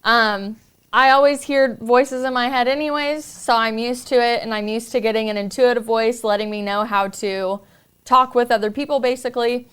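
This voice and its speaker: A woman's voice: on the high side, steady tone, normal speed, fairly bright tone, clear, resonant tone. A woman podcast host telling a personal story in an earnest, confiding way.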